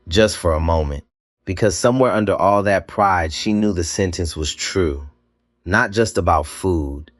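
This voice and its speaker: A man narrating a dramatic scripted story, measured and slow, with deliberate pauses. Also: sits low, no echo, clean studio sound.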